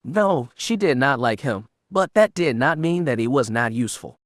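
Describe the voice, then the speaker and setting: Man, audiobook narrator, steady storytelling, middle pitch, dry booth sound. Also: normal speed, few pauses, no echo. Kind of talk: scripted narration.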